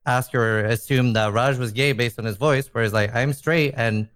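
A man's voice: mid-range voice, normal speed, fairly bright tone. A man with a nasal voice and a slight Norwegian accent, chatting casually and hesitantly on a podcast. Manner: hesitant, filler-heavy. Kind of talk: casual chat.

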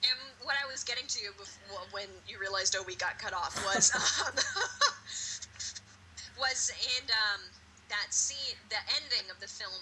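A woman co-hosting a podcast in casual chat, rambling and excitable with many restarts. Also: medium pitch, a little slow, slight background noise, poor audio. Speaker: podcast co-host.

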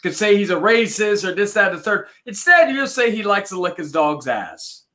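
Man, podcast co-host, higher voice, bright and forceful, rambling with restarts. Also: big pitch swings, fairly quick. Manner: rambling, repeats words, giggly. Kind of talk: casual profane banter.

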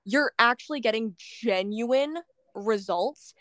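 A woman's voice: a little high, takes it slowly, fairly bright tone, no room sound, clean studio sound. A woman hosting a podcast interview, chatty and emotional, laughing often as she shares her story. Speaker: podcast host. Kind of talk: casual interview chat.

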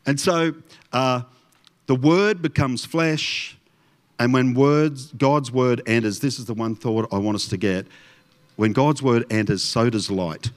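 A man's voice: mid-range voice, measured pace. A man preaching a sermon in a conversational way, often asking his listeners questions. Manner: conversational, asks the congregation questions. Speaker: pastor.

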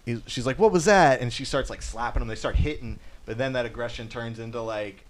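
A man's voice: medium pitch, fairly even intonation, a little fast. A man co-hosting a podcast, retelling a movie plot in a loose, rambling way, swearing and acting out the lines. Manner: rambling, swears freely, acts out quotes. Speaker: podcast co-host. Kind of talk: casual movie recap.

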